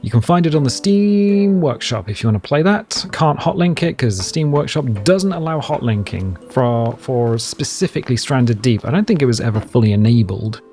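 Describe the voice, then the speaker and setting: A man at medium pitch talks his way through a survival game in a loose, chatty ramble, with little hums and silly asides. Faint game music plays underneath his voice. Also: expressive, moderate pace, few pauses, darkish tone. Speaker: let's play host. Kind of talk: casual gameplay commentary.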